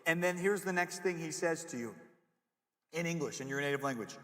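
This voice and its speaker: A young man giving a jokey, animated chapel sermon to middle schoolers, often acting out voices as he goes. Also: fairly high pitch, brisk. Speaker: youth pastor. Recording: echoey hall with long reverb.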